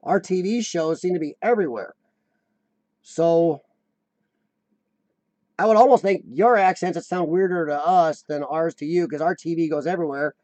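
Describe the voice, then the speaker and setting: Chatty man with a rough voice. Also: a little high, normal speed, pauses often, darkish tone, no room sound. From United States. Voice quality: slightly rough voice from lung problems. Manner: rambling, chatty, laughs often, answers viewers by name. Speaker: livestream host. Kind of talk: casual live chat reading comments.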